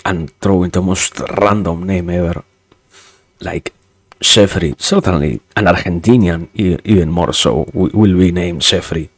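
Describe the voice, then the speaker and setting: A man streaming casual chat, halting and repeating his words, with dry jokes. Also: deep voice, no echo. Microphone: streaming mic.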